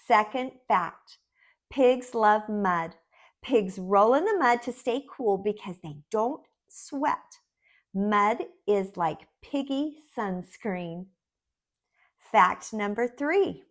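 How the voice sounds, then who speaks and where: A woman teaching preschoolers about farm animals, speaking in a sing-song way and chanting simple rhymes. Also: medium pitch. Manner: slow, sing-song, exaggerated for toddlers. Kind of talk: children's lesson with rhymes.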